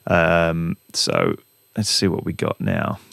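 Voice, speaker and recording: A man hosting a casual walkthrough in his home music studio, talking in a relaxed, rambling way with plenty of ums. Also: sits low, slow, gravelly, dry recording. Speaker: music producer and channel host. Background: music samples playing.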